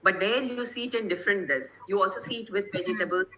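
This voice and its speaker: Bright-voiced woman giving an online lecture. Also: medium pitch, fast talker, slight background noise, low-quality recording. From Kerala, India. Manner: explanatory, checks in with listeners. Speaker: guest presenter.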